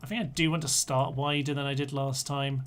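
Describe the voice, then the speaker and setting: A man's voice: mid-range voice, fairly even intonation, brisk, fairly bright tone, clean tone. A man, chatting casually as he streams a strategy game and mutters orders to his units. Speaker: gaming streamer. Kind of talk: live strategy game commentary.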